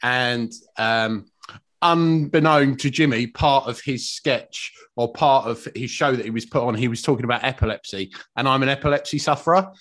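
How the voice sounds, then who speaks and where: A man's voice: mid-range voice, normal speed, fairly bright tone. A man, a guest on a podcast, talking in a blunt, rambling way in casual chat.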